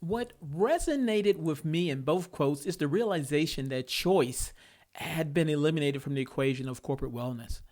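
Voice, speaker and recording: Male solo podcast host with a slightly high voice, conversational and opinionated. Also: normal speed, a little mellow. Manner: conversational, opinionated, chuckles between points.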